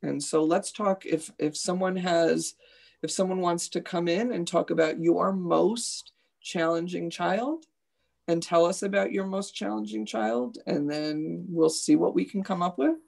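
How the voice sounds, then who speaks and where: A woman's voice: on the low side, a little slow, creaky, darkish tone. A woman teacher in a live online discussion, earnestly recounting classroom stories.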